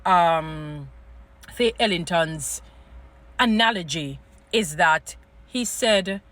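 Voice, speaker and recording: A woman's voice: on the low side, expressive, very slow, a bit bright. A Jamaican woman giving an emphatic, rambling casual monologue to her viewers. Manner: rambling, emphatic, heaps praise, restarts and fillers. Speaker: vlogger.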